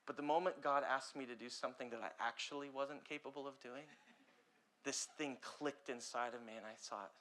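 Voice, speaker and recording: A young man delivers a sermon as a pastor, his voice bright and forward. He preaches with passion, surging loud on urgent points and dropping low and hushed on others. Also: fairly even intonation, brisk, slight background noise. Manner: impassioned preaching with big swings between loud and quiet.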